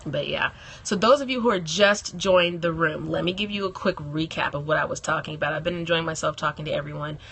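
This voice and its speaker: A woman's voice: low voice, brisk, vocal fry, a bit bright. A woman hosting a casual live stream from her phone, chatting and laughing often and greeting viewers by name.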